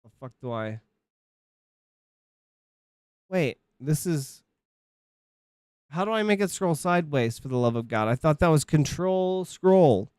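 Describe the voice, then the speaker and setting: A man's voice: on the high side, animated, moderate pace, darkish tone, smooth, no room sound. Rambling, foul-mouthed man streaming from home. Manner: rambling, profane, self-interrupting. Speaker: livestreamer. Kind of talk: casual stream chat.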